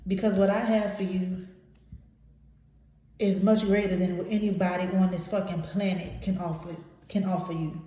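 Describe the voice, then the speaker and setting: A woman's voice: on the low side, steady tone, moderate pace, warm tone. A woman giving a channeled tarot reading to her viewers, emphatic and preachy, swearing casually. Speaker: tarot reader. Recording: very echoey room.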